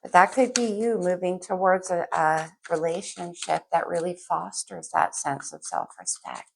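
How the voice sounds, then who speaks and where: A woman's voice: fairly low pitch, measured pace, gravelly, a little hiss or hum. A woman giving a casual tarot reading to camera, chatty and a little scattered, thinking aloud as she pulls cards. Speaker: tarot reader.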